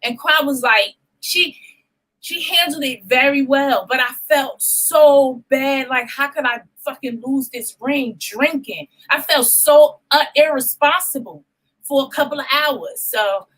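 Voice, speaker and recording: A young woman co-hosting a casual chat show, telling a story in an animated, profane way and acting out the voices of people she quotes. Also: high voice, a little slow, poor audio. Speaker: podcast co-host.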